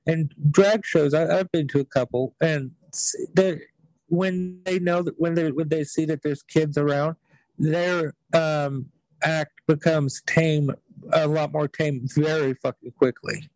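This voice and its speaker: A man's voice: a little high, steady tone, measured pace, a little mellow, dry recording, low-quality recording. A man hosting a podcast, telling stories in casual chat with blunt, profane language. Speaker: podcast host.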